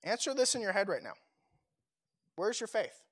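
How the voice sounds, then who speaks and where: A man's voice: high voice, big pitch swings, normal speed, long pauses, slightly rough. Young man preaching casually. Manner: casual, conversational preaching with fillers and rhetorical questions. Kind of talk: sermon.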